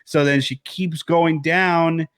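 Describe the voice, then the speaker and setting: A man co-hosting a horror film podcast over a remote call, retelling scenes with swearing and sudden high-voiced bits. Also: takes it slowly, clean tone. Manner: animated, swearing, acts out scenes in high yelps. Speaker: podcast co-host. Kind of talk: casual film chat.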